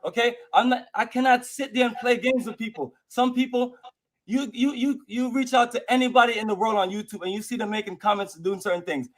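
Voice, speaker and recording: A man's voice: extremely high pitch, fairly even intonation, fairly quick, rough recording. A man in his fifties being interviewed, talking in a heated, combative way, cursing and hurling insults. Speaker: business owner guest.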